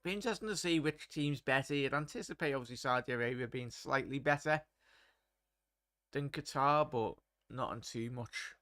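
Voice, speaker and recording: Bright, crisp-voiced Scouse lad hosting. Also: male voice, mid-range voice, moderate pace, dry recording, studio quality. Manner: chatty, laddish, reads chat aloud. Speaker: watchalong host. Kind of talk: live match commentary and chat.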